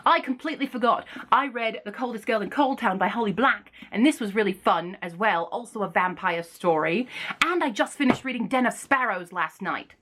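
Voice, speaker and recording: A woman book vlogger talking casually at home, chatty and excitable, thinking aloud and laughing often. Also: medium pitch, brisk, background noise. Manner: swears casually when frustrated. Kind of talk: casual vlog chat. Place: home room with bookshelves.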